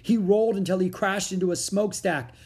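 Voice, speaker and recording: A reader narrating a children's book in a steady storytelling manner. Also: mid-range voice, brisk, slightly rough. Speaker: audiobook reader.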